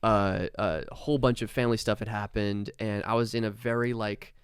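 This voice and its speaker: Animated swearing male musician, crisp voice. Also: fairly low pitch, moderate pace, dry recording, clean studio sound. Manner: animated, swearing, acts out quotes. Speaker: musician guest. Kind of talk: casual podcast storytelling. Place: studio.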